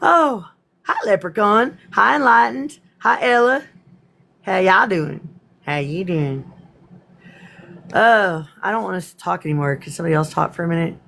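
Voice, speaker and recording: A woman hosting a casual livestream, greeting commenters by name and swearing freely, her voice slightly hoarse. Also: medium pitch, normal speed, long pauses, a bit bright. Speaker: livestream host. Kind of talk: casual livestream chat and reading her own poems.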